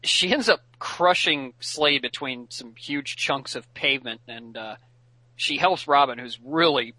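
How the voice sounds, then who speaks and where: Bright-voiced man carefully recapping a cartoon. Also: mid-range voice, unhurried, dry recording, low-quality recording. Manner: careful, corrects details of the plot. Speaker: podcast co-host. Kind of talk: casual episode recap chat.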